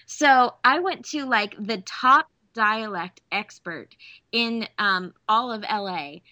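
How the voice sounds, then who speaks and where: Young southern woman, bright voice, dry sound, tells stories all lively n laughs a lot. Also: fairly high pitch, takes it slowly, no room sound. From American South. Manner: animated storyteller, acts out quoted voices, laughs often. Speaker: voice actress guest. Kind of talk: casual interview storytelling.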